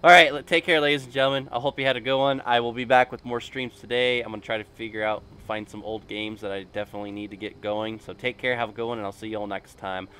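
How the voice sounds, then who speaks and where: A man's voice: mid-range voice, fairly even intonation, fast talker, few pauses, a bit bright, smooth. A man streaming a video game, chatting casually in a goofy, rambling, jokey way. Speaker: gaming streamer.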